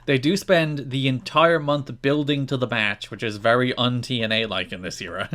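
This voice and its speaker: A man co-hosting a podcast in casual chat, retelling events in an animated, exasperated way. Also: medium pitch, moderate pace. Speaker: podcast co-host.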